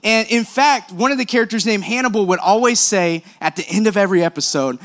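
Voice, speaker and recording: A man with a high voice speaks to a congregation. His delivery is upbeat and friendly, with light jokes between his points. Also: a little fast, fairly bright tone. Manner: upbeat, jokey preaching. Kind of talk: sermon.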